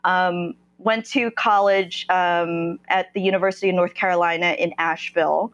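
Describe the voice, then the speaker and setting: The audio is dull, and her voice runs on the low side with fairly even intonation. As a podcast guest from New Jersey, she candidly tells her story, often halting and restarting while hunting for words.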